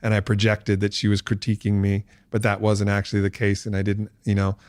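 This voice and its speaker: Guy on a podcast telling a story, lowish voice, laughs a lot, dry close mic. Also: completely flat delivery, a little fast, darkish tone, no room sound. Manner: laughs while telling stories; reflective, uses many fillers. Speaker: podcast guest. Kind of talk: casual storytelling.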